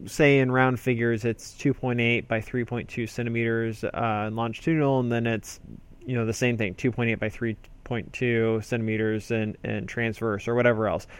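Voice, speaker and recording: A man's voice: mid-range voice, flat delivery, moderate pace, clean tone. Man explaining a medical procedure. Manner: conversational, explanatory, with fillers and restarts. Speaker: emergency physician. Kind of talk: spoken medical lesson.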